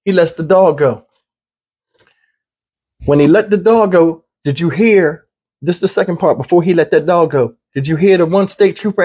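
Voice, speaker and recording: Husky high-voiced man commenting bluntly. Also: normal speed, a little mellow. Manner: conversational, blunt, repeats points. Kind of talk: casual commentary.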